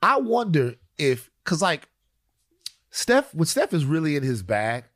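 Chatting casually as a podcast co-host, this man rambles and jokes, repeating lines for comic effect. His voice is slightly high and a bit bright, with huge pitch swings and a slightly slow pace, captured in a dry, clean studio recording.

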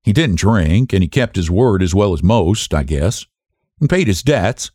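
A man's voice: sits low, animated, unhurried, a little mellow, no room sound, clean studio sound. A man doing a folksy farm wife. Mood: wistful. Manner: homespun, folksy speech. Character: plain-spoken rural farm wife, middle-aged.

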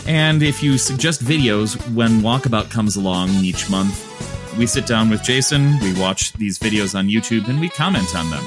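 A man's voice: fairly low pitch, animated, normal speed, over music. A middle-aged man co-hosting a podcast in playful casual chat, tossing in joking asides. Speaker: podcast co-host.

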